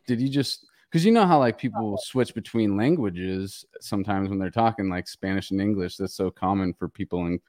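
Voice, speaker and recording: A man hosting a podcast in casual chat, excitable and rambling, swearing a lot. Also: on the low side, normal speed, hardly any pauses, dry recording, studio quality. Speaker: podcast host.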